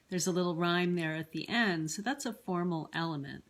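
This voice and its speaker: A woman teaching a classroom poetry lesson, explaining patiently with frequent ums and pauses. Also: lowish voice, a bit bright.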